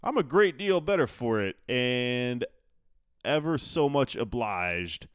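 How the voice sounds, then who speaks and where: A man's voice: medium pitch, expressive, takes it slowly, clear, resonant tone, no echo, studio quality, voice pushed up. A man reading the part of a spirited, outspoken teenage girl, lifting his voice for her eager, polite replies.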